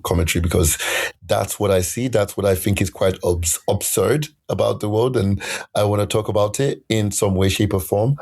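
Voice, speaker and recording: A man, a musician and poet, telling stories in a casual interview, animated and acting out quotes in other voices. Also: on the low side. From United Kingdom. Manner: animated, laughing, acts out quotes in shifting voices.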